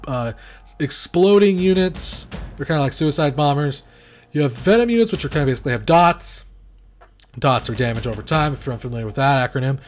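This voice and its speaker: A young man giving rambling, self-mocking commentary while playing and reviewing a strategy game, now and then shouting at his units. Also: mid-range voice. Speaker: gaming video reviewer. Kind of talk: casual gameplay commentary.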